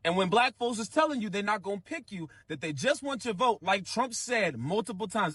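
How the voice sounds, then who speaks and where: A man's voice: high-pitched, sing-song, a little fast, hardly any pauses, fairly bright tone, slightly rough, dry recording, studio quality. A man giving a blunt, scolding rant in casual slang. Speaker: commentator. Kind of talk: ranting commentary.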